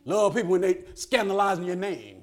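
A man preaches in a high, lively voice that swoops up into shouts. He keeps a folksy, joking tone with call-and-response asks to the congregation. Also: a little fast. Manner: folksy, joking asides with laughter. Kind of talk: sermon.

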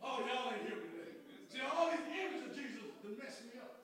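An older man preaching a lively, playful church sermon, hollering and calling out to the congregation. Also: very high voice, a little fast. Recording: echoey church room with crowd noise.

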